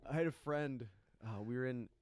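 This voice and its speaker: Young male guest, smooth and resonant, close dry mic; animated storyteller. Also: medium pitch, moderate pace, dry recording. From American Midwest. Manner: animated storyteller, acts out quoted voices. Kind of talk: casual storytelling chat. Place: small studio.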